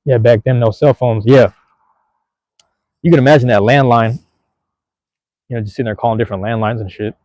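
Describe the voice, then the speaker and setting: Young male podcast host from Seattle, quick casual storyteller, slangy and profane, dry close sound. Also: mid-range voice, steady tone, darkish tone, no echo. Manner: laid-back, profane, slangy. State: out of breath.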